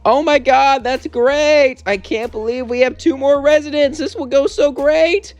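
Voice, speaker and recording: A man's voice: very high-pitched, measured pace, highs cut off, soft background music, voice pushed up. A man doing a gushing bubbly young princess. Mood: thrilled. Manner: gushing, excitable.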